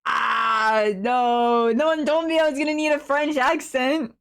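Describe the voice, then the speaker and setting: A woman's voice: high-pitched, fairly even intonation, fairly quick. A woman streaming a story game from her home computer, chatting casually, laughing often and swearing freely. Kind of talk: casual live-stream commentary.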